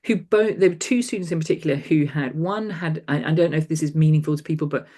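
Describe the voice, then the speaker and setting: A woman's voice: sits low, quick pace, warm tone. Chatty, rambling middle-aged woman. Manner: chatty, rambling, with many restarts and fillers. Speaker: guest lecturer. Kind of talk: conversational interview.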